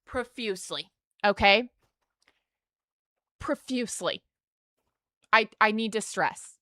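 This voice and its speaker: A woman streamer telling a story casually to her live chat, animated and rambling, laughing often. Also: fairly high pitch, moderate pace, no echo, studio quality.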